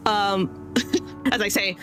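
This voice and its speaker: A woman streamer talks casually to her viewers, circling her thoughts with fillers and false starts. Her throat sounds a little dry, and soft music plays faintly behind her. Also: medium pitch, fairly even intonation, takes it slowly. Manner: rambling, many fillers and restarts. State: dry throat, clearing it now and then. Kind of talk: casual chat to stream audience.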